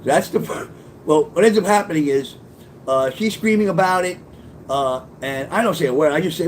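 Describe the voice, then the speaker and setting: A man's voice: on the high side, normal speed, slight background noise, poor audio. A middle-aged man casually telling a profane personal story, acting out what people said. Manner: profane, animated, acts out quoted voices. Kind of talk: casual spoken memoir storytelling.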